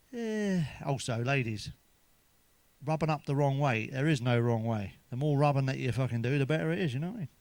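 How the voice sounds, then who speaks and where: A man's voice: medium pitch, expressive, moderate pace, long pauses, darkish tone, no echo. A man telling crude jokes in a sweary monologue, chuckling at his own punchlines. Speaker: stand-up comedian.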